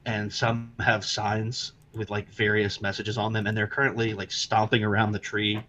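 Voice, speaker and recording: A man's voice: lowish voice, completely flat delivery, normal speed, bright, forceful tone, dull audio. A man narrating a tabletop game as game master, describing the scene loosely with many fillers over an online call.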